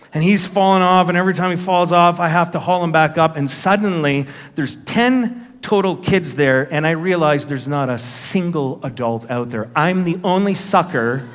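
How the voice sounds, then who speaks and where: A man in his fifties, a pastor preaching a sermon in a church, telling a personal story and acting out the voices in it with earnest conviction. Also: on the high side. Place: church sanctuary. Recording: long hall reverb.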